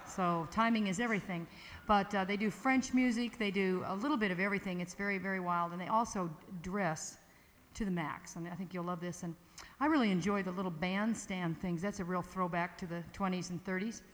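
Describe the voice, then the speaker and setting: Speaking in a lowish, fairly quick voice, a woman emcees an evening dance at a music camp, chatting casually and rambling playfully as she introduces a band. The large hall is full of an audience, and the recording is echoey with ambient noise.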